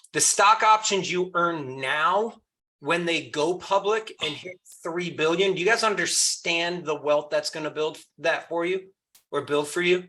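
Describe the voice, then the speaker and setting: A man's voice: on the high side, pushed and bright. A man on a video call, persuasively urging a sales team to use an ownership offer when recruiting. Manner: emphatic, persuasive.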